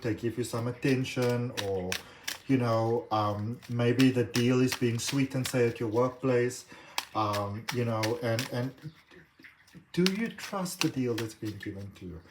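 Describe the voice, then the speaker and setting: Male tarot reader, chatty and encouraging, mid-pitched voice, roomy echo. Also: steady tone, measured pace, background noise. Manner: chatty and encouraging, many fillers. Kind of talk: casual tarot reading to camera.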